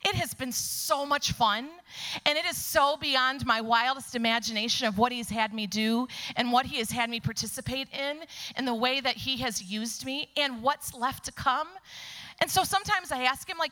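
Woman, church testimony, bright voice, slightly high pitch, animated storytelling, soft whispered emphasis. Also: normal speed. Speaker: church speaker giving testimony. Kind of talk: personal testimony in a church service. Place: church sanctuary before a congregation.

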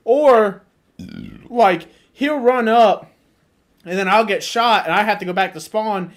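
A man in casual chat, swearing a lot and telling animated stories with acted-out quotes. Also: high voice, a little slow.

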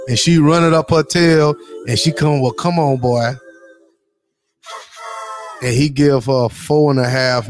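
A man co-hosting a casual chat, joking and telling stories in an animated way. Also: on the high side. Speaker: podcast co-host.

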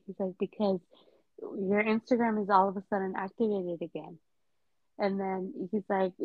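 A woman's voice: medium pitch, moderate pace, dry recording, narrow, tinny audio. Woman podcast host spilling tea, acting out every line, thin phone-ish sound, dry. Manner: animated gossipy storytelling, acts out quotes, frequent "like". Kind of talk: casual storytelling chat.

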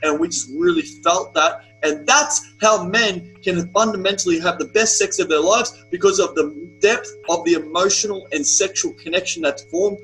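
A man's voice: high-pitched, normal speed, hardly any pauses, fairly bright tone, slight background noise, rough recording. Blunt, profane young man coach. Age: young adult. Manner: blunt, profane, emphatic storytelling. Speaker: retreat coach, podcast guest. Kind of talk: podcast conversation.

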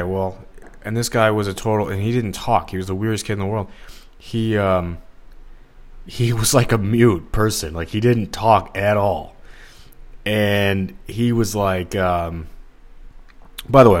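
A man's voice: on the low side, normal speed. A man hosting a solo podcast, talking in a rambling, digressive, casual way with lots of fillers. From Los Angeles area. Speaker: podcast host.

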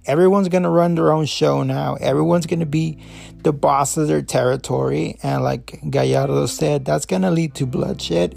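With a gravelly, darkish voice pitched on the high side, a man hosting a podcast rambles through a casual review in Spanish. He fills it with fillers and frequent restarts.

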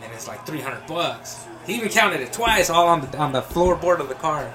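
A man's voice: fairly high pitch, expressive, normal speed. Profane, rambling man telling a story. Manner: profane, rambling storytelling with lots of "you know what I mean". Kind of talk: casual chat.

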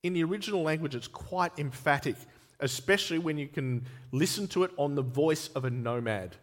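A man preaching a sermon in a slightly higher voice, bringing scripture to life with slow, emphatic delivery. His voice rings with the long reverb of a church hall. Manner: expressive, dramatizes scripture quotes with emphatic slowing. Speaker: pastor.

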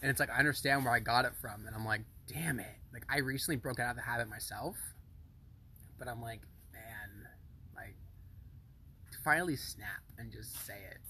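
A man's voice: mid-range voice, fairly quick, long pauses, pushed and bright. A young man co-hosting a casual podcast, blunt and swearing freely, laughing often, recorded on a handheld phone. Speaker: podcast co-host. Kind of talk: casual chat. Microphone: phone held in hand. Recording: phone recording, faint noise.

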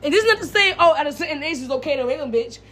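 Loud, high-pitched ranting woman. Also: lively intonation, rapid-fire. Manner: profane, heated ranting; blunt, slangy. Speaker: podcast co-host. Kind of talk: casual chat.

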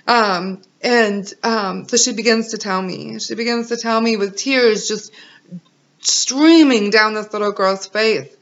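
A woman's voice: mid-range voice, a little slow. A woman in her thirties sharing an emotional personal faith testimony as a mother, earnest and encouraging. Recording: dull lo-fi recording.

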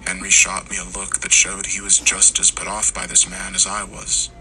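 Low bright-voiced man narrating horror. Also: monotone, a little hiss or hum, rough recording. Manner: slow, hushed storytelling, dropping to whispers.

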